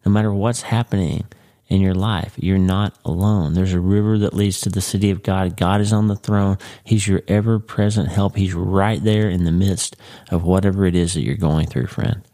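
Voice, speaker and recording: Male podcast host, deep and mellow, encouraging devotional talk. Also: steady tone, moderate pace. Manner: earnest, encouraging, addresses the listener as friend.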